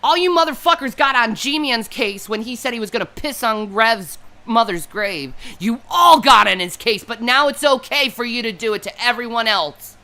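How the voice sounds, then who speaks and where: Fiery, high-voiced woman ranting on a livestream. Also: animated, moderate pace, hardly any pauses, sharp tone. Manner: furious, profane and tearful, repeating herself. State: grieving and upset. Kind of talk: angry unscripted livestream rant.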